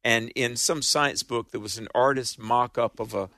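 A man's voice: medium pitch, steady tone, normal speed, sharp tone, no room sound. A man in his sixties co-hosting a radio show, telling stories about the old days. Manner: storytelling, nostalgic. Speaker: radio co-host. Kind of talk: casual studio chat.

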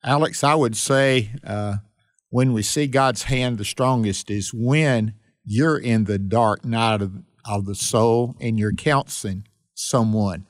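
A man's voice: mid-range voice, slow pace, dry recording. Man, radio bible study host, preacherly and earnest, dry close studio sound.

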